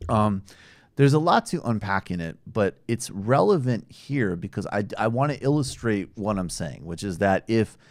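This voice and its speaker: A man's voice: on the low side, lively intonation, moderate pace, no room sound. A man hosting a casual political talk show, wry and rambling, with lots of fillers. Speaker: host.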